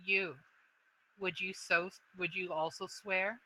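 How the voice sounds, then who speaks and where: A woman's voice: lowish voice, steady tone, slow pace, sharp tone, a little hiss or hum, low-quality recording. A woman voicing a stern mother dragon. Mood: demanding. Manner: grave, formal and demanding.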